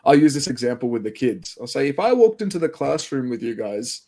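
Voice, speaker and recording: Male co-host, Western Sydney Australian accent, gravelly low-toned voice, loose and rambling. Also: sing-song, brisk, dark tone. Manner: rambling, many fillers and restarts. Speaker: English teacher, podcast co-host. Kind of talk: casual educational podcast chat.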